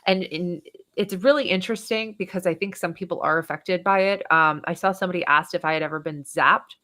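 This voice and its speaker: A woman guesting on a podcast, with a bright, clear tone set a little low. She speaks casually and chattily, pausing on um and like as she recounts her research. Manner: conversational, with frequent um and like. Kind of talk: casual interview.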